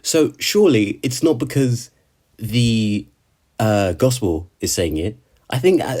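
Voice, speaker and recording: A man's voice: medium pitch, darkish tone. A man giving a casual, rambling recap of an anime episode, chatty and full of slang and restarts. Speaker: anime reviewer.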